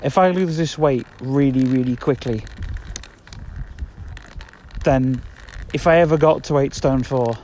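A man's voice: mid-range voice, unhurried, long pauses, darkish tone, slight background noise. A man, rambling casually and repeating himself as he talks on a walk outdoors. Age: 30s. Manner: chatty, meandering, repeats himself. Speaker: podcast host. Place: outdoors walking around the block.

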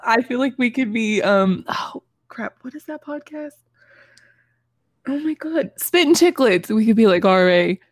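A woman's voice: a little high, lively intonation, measured pace, no room sound, studio quality. Playful, teasing young woman podcaster. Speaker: podcast co-host. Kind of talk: casual chat.

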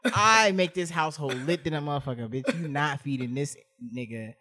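A man co-hosting a casual podcast, joking and ranting in big swings from loud outbursts to low mutters. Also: fairly quick. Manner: animated, jokey rants that swing from loud to muttered. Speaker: podcast co-host.

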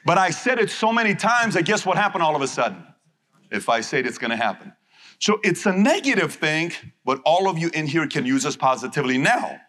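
A man's voice: a little high, lively intonation, fairly quick, pushed and bright. A man giving a live seminar speech to an audience, emphatic and punchy, repeating his key phrases. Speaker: motivational speaker.

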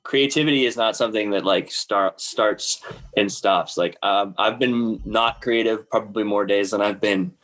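A man guesting on a casual podcast, answering in a reflective, halting way. His voice sits on the low side. He pauses often to search for his words. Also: a bit bright, low-quality recording. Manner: thoughtful, hesitant, reflective. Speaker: guest, filmmaker and musician. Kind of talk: casual interview chat.

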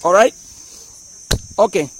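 A man preaching a sermon, animated and humorous as he explains scripture. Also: slow, no room sound, poor audio. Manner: animated, explains verses with humor and acted-out voices. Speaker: pastor.

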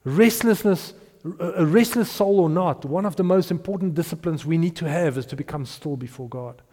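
A middle-aged South African man, Afrikaans by birth, preaches in a fairly high, animated voice. He stumbles over repeated words and chuckles between points. His voice carries with a long reverb through a large hall. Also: fairly quick. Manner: animated, repeats himself, laughs between points, drops to hushed tones. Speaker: pastor. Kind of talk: sermon.

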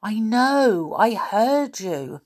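A woman reading a children's story aloud, voicing an eager schoolboy in a raised, excited, slightly husky voice. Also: a little high, drawn-out words, voice pushed up, heavily acted. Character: eager schoolboy telling his news.

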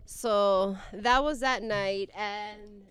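Young woman telling a story, smooth clear voice, swears a lot and acts out what people said. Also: mid-range voice, extremely slow. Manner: animated storyteller, quotes people, swears freely. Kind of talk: casual chat, storytelling.

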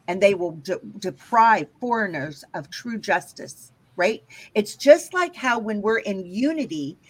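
A woman's voice: medium pitch, slightly rough, rough recording. A woman teaching scripture in an emphatic way, often checking in with her listeners. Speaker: Bible teacher.

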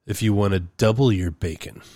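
A man's voice: lowish voice, brisk, dark tone, dry recording, studio quality. A man chatting casually as a podcast co-host, pressing and needling to make his point. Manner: persistent, needling, argues a point. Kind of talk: casual chat.

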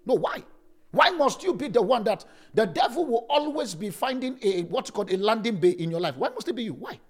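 A man preaching as a pastor, swinging between loud and soft, with sudden rises and drops in pitch. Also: lively intonation, a little fast, faint music behind. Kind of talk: sermon.

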